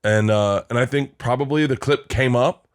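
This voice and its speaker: A man's voice: medium pitch, moderate pace. Middle-aged male host, loose rambling storyteller, salty language, frequent laughter. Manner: rambling storyteller, swears freely, laughs often. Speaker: podcast co-host. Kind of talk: casual chat.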